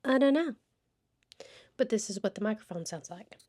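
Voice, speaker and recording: A soft-spoken woman chatting casually while walking around her home for a vlog, thinking aloud into a wireless clip-on mic. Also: mid-range voice, lively intonation, moderate pace. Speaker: vlogger testing a new camera.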